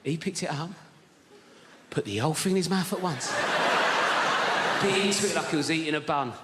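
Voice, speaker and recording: A male stand-up comedian, telling animated stories and chatting with the crowd in a large theatre. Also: fairly high pitch, normal speed, heavy background noise. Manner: animated storytelling, chats with the crowd. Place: large theatre with a live audience. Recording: roomy live theatre recording with loud audience.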